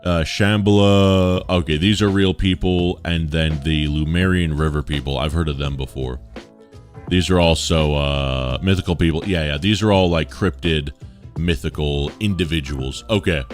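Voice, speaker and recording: A man's voice: rumbling low, fairly even intonation, moderate pace, faint music behind. A man reading articles aloud on a livestream, chatty, with asides to his chat.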